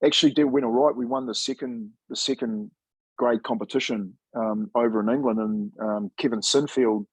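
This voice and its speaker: Husky-voiced man telling stories easygoingly. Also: medium pitch, fairly even intonation, moderate pace, dry recording, rough recording. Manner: laid-back, chatty, says "mate" often, acts out quoted dialogue. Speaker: former rugby league player and coach, guest. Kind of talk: casual storytelling interview.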